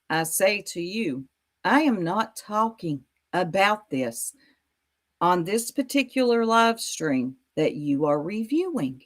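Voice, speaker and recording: A woman hosts a reaction video, jabbing at a livestream clip in a mocking, sassy tone. She drags her words out slowly while her pitch leaps up and down, and she sits a little above the usual female range. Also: a bit bright. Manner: sassy, mocking, talks straight to viewers. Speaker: YouTube commentary host.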